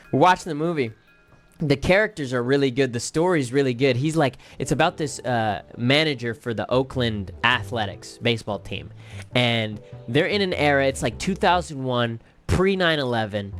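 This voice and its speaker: A man's voice: mid-range voice, fairly bright tone. Rambling man chatting about movies. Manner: rambling, repeats phrases, many fillers. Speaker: streamer reviewing movies. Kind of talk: casual movie review chat.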